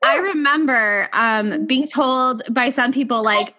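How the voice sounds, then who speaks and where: Bright-voiced woman podcast host storytelling. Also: high voice, takes it slowly, few pauses. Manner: animated, filler-heavy "like" talk. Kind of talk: casual storytelling chat.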